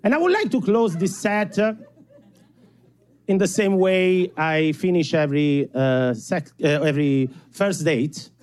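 A man's voice: on the high side, lively intonation, measured pace, darkish tone, smooth. A man from Italy with a strong Italian accent doing a self-mocking stand-up comedy set on a club stage, chuckling between punchlines. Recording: faint crowd and room noise.

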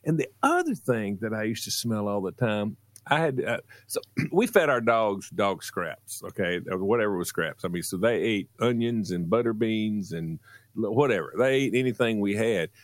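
A man telling a childhood story on a radio show, drawing out words and doing high voices for the people he quotes. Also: lively intonation, moderate pace, no room sound. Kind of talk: casual storytelling.

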